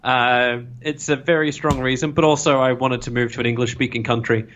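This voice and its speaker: A man talks on a remote call, and the audio comes through dull and lo-fi. He rambles through stories in a playful, self-mocking way. His voice sits at an average pitch for a man. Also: fairly even intonation, brisk, a bit bright. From Australia. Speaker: esports caster, interview guest. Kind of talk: casual interview chat. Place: his home in London.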